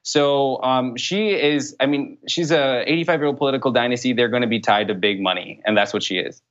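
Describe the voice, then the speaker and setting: A young man answering interview questions as a political candidate, in an earnest, brisk way with frequent fillers. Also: medium pitch, fairly bright tone. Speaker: congressional candidate. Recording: dull lo-fi sound.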